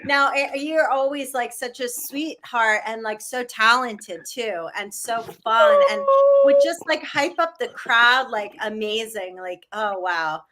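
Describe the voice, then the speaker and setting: A middle-aged woman, a guest musician, telling stories in a casual, rambling interview with lots of "like" and animated asides. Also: fairly high pitch, unhurried, slight background noise. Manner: rambling, heavy use of "like", animated.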